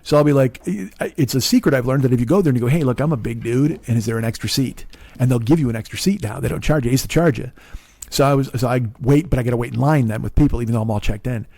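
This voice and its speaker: A man in his forties, a comedian and podcast host, telling a profane, exasperated story monologue that swings into loud rants. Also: mid-range voice, very fast, gravelly, dry recording. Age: 40s.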